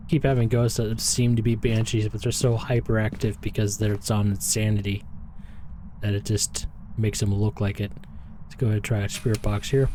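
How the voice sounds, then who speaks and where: Guy streaming a horror game, bit hoarse, mellow dark voice, faint hiss behind. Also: on the low side, level tone, a little fast. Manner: rambling, self-deprecating, restarts often. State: slightly hoarse, out of breath. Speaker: gaming streamer. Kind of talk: casual game commentary.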